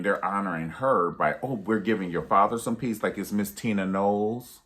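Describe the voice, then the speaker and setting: A man in his thirties hosting a casual review vlog, telling stories with animated energy and jumping into high voices to act out quotes. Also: normal speed, few pauses, slight background noise. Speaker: YouTube reviewer.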